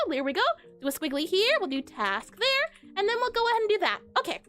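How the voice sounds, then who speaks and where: A woman game developer narrating a casual coding devlog, chatty and giggly, often correcting herself and spelling words out loud. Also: extremely high pitch, sing-song, brisk, soft background music.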